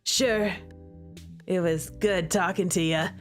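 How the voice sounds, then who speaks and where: A woman voicing a flirty, joking male math teacher in a visual novel, speaking slowly in a teasing, low-key voice. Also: fairly even intonation, faint music behind. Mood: teasing, earnest.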